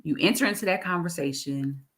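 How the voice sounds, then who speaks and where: A woman talking in a casual interview, animated, laughing often and repeating her phrases. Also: on the low side, fairly quick. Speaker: guest, executive director.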